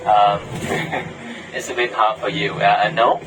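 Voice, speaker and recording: A man with a Vietnamese accent, a tour guide explaining things to tourists in halting English full of "uh" fillers, inside a tour bus. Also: on the low side, little pitch movement, noisy background. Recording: from a distance on a bus, music behind.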